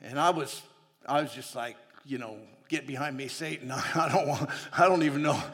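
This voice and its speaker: A missionary preacher delivers a sermon built on stories from his own life, chatty and often laughing between lines. His medium-pitched voice is fairly bright and moderately paced, heard through long hall reverb.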